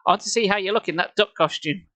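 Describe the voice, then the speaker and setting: A man's voice: sits high, quick pace, pushed and bright, no echo, pitched above the performer's own voice. A man voicing a caring mother calling out to her teenage daughter. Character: cheerful caring mother of a teen girl.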